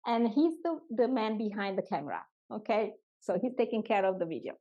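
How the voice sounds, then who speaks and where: A woman with an Italian accent, hosting a live online cooking class from her home kitchen in a chatty way, often pausing to find her English words. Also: mid-range voice, expressive, warm tone, dull audio. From Italy. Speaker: cooking teacher and host.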